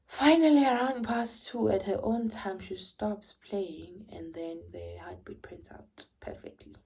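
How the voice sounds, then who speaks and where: A young woman with a South African accent telling a personal story in an animated way, often dropping to a whisper. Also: medium pitch, unhurried, husky. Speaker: vlogger.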